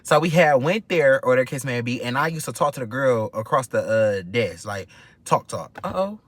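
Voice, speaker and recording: A man telling a storytime vlog in an animated, gossipy way and swearing freely. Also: mid-range voice, moderate pace, no room sound. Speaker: vlog host.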